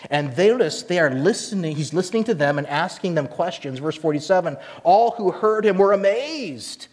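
A man preaching a sermon as pastor, animated and acting out the voices he quotes. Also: a little high, big-room sound.

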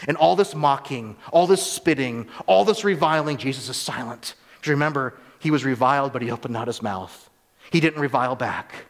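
A man's voice: medium pitch, long reverb tail. A man preaching a sermon as pastor, earnest and emphatic, often rising sharply on rhetorical questions.

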